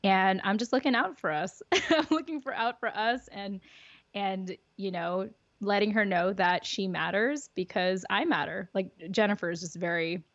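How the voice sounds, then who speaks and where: A woman's voice: mid-range voice, normal speed, no echo, lo-fi sound, close to an everyday voice. A woman speaking as her own inner child, a sassy and confident young girl, in her everyday voice. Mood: earnest.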